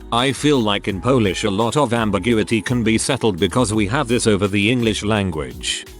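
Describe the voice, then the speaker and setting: Low-voiced man reading stories. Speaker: narrator reading Reddit stories. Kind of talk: scripted narration. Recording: faint music bed behind voice.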